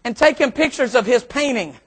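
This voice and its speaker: Middle-aged male pastor, sermon storytelling, very high voice, animated, excitable. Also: a little fast. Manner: animated, excitable, breaks into shouts.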